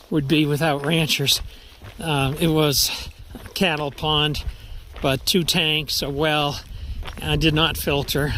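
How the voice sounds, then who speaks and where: A man's voice: fairly high pitch, a bit bright, slight background noise. Rambling male hiker on a mountain trail. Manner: rambling, with frequent pauses and restarts. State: out of breath. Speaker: long-distance hiker vlogger. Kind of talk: trail vlog.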